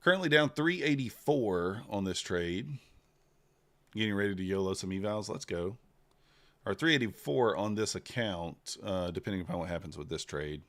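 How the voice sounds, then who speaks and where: A man giving casual live commentary while trading, thinking out loud in an unhurried, low-key way. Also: animated. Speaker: livestreaming futures trader.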